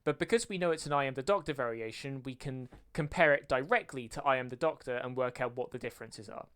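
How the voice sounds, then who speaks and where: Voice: medium pitch, fast talker, a bit bright, clear, resonant tone. A video creator explaining music theory in a lesson, counting beats aloud and singing rhythms to show them. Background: faint music playing.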